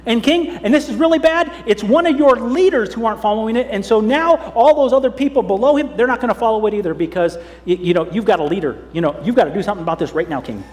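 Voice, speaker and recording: A pastor voicing scheming royal advisers who coax and flatter a king. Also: high voice, fast talker, hardly any pauses, lightly acted. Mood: urgent. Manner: wheedling, coaxing. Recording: long church hall reverb.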